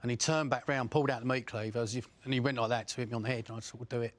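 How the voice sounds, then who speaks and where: Guy, middle-aged ex-criminal, blunt and sweary, lots of ums and pauses. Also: mid-range voice, fairly even intonation. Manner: blunt, profane storytelling with frequent pauses and fillers. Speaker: former criminal interviewee. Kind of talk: first-person recollection.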